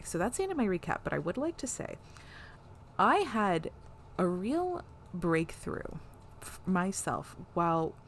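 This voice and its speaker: A woman co-hosting a podcast, recapping an episode in casual, animated chat full of "like" and swearing. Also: on the low side, a little hiss or hum. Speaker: podcast co-host.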